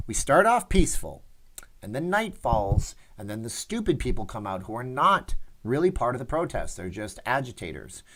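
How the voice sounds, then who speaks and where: A middle-aged man hosting a casual livestream, chatting and reading viewer comments in a rambling, self-mocking way, swinging between loud and soft. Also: medium pitch. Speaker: livestream host. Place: Las Vegas.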